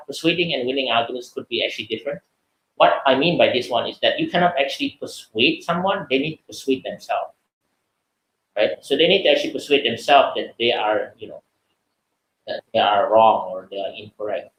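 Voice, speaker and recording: A man's voice: mid-range voice, fairly quick, fairly bright tone, echoey room, poor audio. A man giving a casual webinar talk, answering questions with lots of fillers and "right?" tags. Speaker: webinar speaker.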